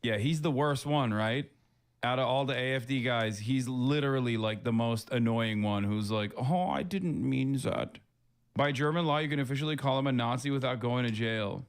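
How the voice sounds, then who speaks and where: A man's voice: medium pitch, fairly quick, clean tone. A man streaming live, reacting to news clips with sarcastic, mocking commentary. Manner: sarcastic, animated, mocking asides.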